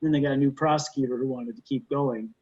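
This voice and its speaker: A man, a defense lawyer, telling courtroom stories in a casual interview, animated and often restarting his sentences. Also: mid-range voice, fast. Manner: animated storyteller, frequent restarts and stammered repeats. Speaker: defense lawyer, podcast guest. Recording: dull lo-fi sound.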